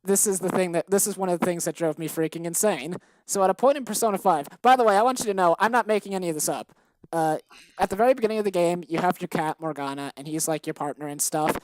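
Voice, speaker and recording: A woman's voice: on the low side, quick pace, darkish tone, no room sound, poor audio. Exasperated woman ranting on a podcast. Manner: heated, profane ranting with exasperated outbursts. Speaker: podcast co-host. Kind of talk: casual chat.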